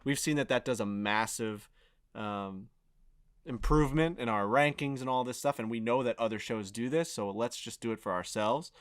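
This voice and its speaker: A man's voice: medium pitch, clear, resonant tone, dry recording. A man co-hosting a podcast, chatting loosely and swearing freely as he tells stories. The sound is close and dry with no room around it. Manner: animated storytelling, heavy swearing. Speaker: podcast co-host. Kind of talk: casual chat.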